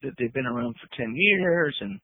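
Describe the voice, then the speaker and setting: A man telling a lively story as a guest musician, laughing and swearing as he acts out what others said, on a phone line. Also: fairly high pitch, moderate pace, slightly rough, dry recording. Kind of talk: animated storytelling.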